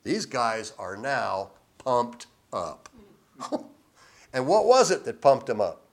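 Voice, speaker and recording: Animated, chuckling male Bible teacher. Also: medium pitch, vocal fry. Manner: reads scripture slowly with emphasis, then chats and chuckles.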